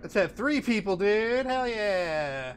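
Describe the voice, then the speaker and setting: A man giving excitable let's play commentary, laughing, swearing and yelling at the game. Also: high-pitched, takes it slowly. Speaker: gamer playing online. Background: game music.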